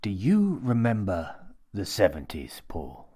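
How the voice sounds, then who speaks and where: A man voicing a menacing, theatrical mad old man who talks in a smooth, coaxing, lecturing way. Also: fairly low pitch, huge pitch swings, unhurried, dark tone, exaggerated voice.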